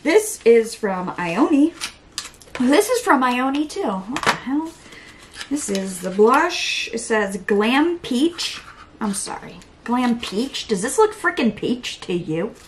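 A young beauty vlogger talks through a casual makeup tutorial slowly, in a high-ish, sing-song voice, sometimes whispering, talking to herself and putting herself down. The recording is rough, with a little hiss or hum.

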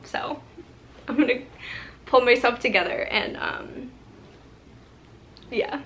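Brief: young woman vlogger, bright voice, slow halting talk, near tears. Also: on the high side, a little hiss or hum. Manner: halting, tearful, many restarts and ums. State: on the verge of tears. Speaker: lifestyle vlogger. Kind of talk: emotional unscripted vlog talk.

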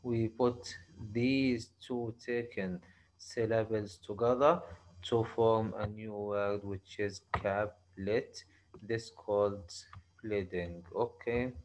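A male university lecturer with an Arabic accent, explaining slowly in a halting way, often restarting and repeating himself. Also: fairly low pitch, steady tone, poor audio. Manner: slow, halting explanation with frequent restarts and repetitions. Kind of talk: recorded online lecture.

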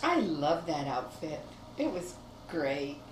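A woman reminiscing over a film she starred in, unhurried and playful, her voice rising and falling a lot. She giggles and teases as she talks. The recording is roomy, with a clear hiss underneath. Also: deep voice, big pitch swings. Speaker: lead actress. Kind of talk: film commentary. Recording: echoey room, audible hiss.

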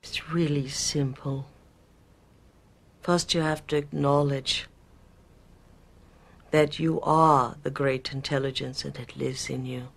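A woman putting on an ancient, solemn male warrior spirit, speaking slowly and archaically in a put-on British accent. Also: low voice, vocal fry, voice pushed down, heavily acted. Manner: slow, archaic, declaiming. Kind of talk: trance channeling performance.

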